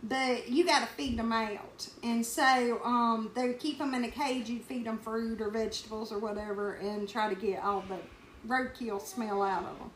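A Southern-accented woman co-hosting a podcast, telling stories in a casual, animated way and laughing often. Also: on the high side, normal speed. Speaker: podcast co-host. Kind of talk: casual storytelling chat. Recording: roomy echo with faint ambient noise.

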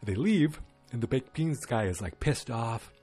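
Husky guy rambling thru an episode recap, dark mellow voice, wry little asides. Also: medium pitch, lively intonation, unhurried, soft background music.

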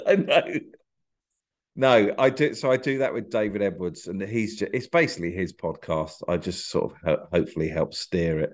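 A man's voice: deep voice, normal speed. A man guesting on a podcast, talking shyly with dry, self-deprecating humour. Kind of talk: casual podcast interview.

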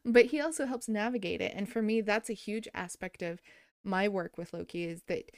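Woman podcast host, smooth clear voice, tells lively stories and laughs a lot. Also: mid-range voice, normal speed. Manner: animated storyteller, laughs often. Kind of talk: casual podcast chat.

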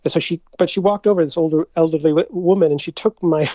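A man, an interview guest, telling a personal story in a halting way, with many restarts and frequent laughter. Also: on the high side, dark tone, no echo.

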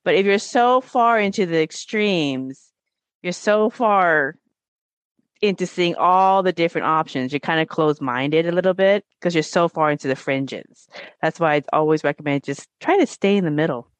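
A woman's voice: fairly low pitch, normal speed, smooth, no room sound. A woman in a casual spiritual conversation, speaking reflectively and repeating key phrases for emphasis.

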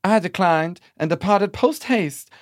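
A man's voice: high voice, lively intonation, a little slow. A man doing a mock American Southern accent as a genteel, dramatic Southern belle reading a letter.

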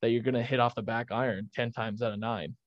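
A young man talks sports on a podcast in a fired-up, ranting way, tripping over his own restarts. His voice sits at an ordinary pitch. It comes through a dull, lo-fi mic in a dry room. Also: steady tone, quick pace, no echo. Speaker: podcast co-host. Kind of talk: casual sports chat.

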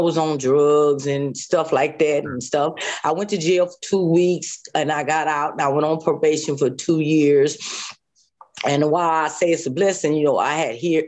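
A woman guest telling a harrowing personal story in an interview, vividly and emotionally, repeating phrases and sometimes close to tears. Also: fairly low pitch. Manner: vivid retelling with repeated phrases and sound effects; voice rises and falls sharply with emotion.

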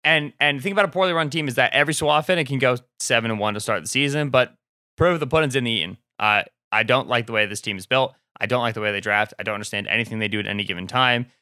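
A man's voice: mid-range voice, racing, pushed and bright, no echo, clean studio sound. A man co-hosting a football podcast, giving wry, mock-emphatic opinions in casual chat.

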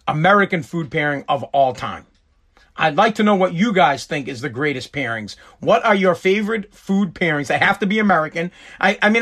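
A fired-up host with a Massachusetts accent rants bluntly and swears freely. His speaking voice sits fairly high for a man, and the delivery is casual, loose and opinionated. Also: a bit bright. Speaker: podcast host. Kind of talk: casual ranting commentary.

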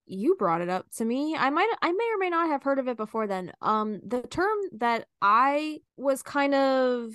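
A woman in her thirties with a fairly high voice, co-hosting a relaxed podcast. She tells nostalgic stories in a chatty way and laughs easily. Her voice sounds close and dry, with no room sound. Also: moderate pace, few pauses, clear, resonant tone, no room sound. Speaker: podcast co-host. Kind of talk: casual chat.

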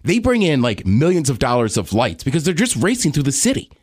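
A man's voice: mid-range voice, wildly swooping pitch, brisk, a little mellow, slightly rough, dry recording, clean studio sound. A man co-hosting a podcast, eagerly explaining sports in a casual chat. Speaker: podcast co-host.

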